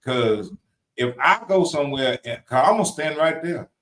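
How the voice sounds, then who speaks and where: A man's voice: mid-range voice, animated, normal speed, a bit bright, roomy sound. A man with a Louisiana country accent in casual chat, playful and emphatic, repeating his points.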